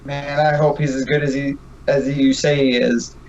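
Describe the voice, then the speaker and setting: A man's voice: medium pitch, flat delivery, normal speed, recorded from a distance, a crowd in the background, close to an everyday voice. A man voicing a blunt soldier who urgently demands medical help, recorded on a muffled mic.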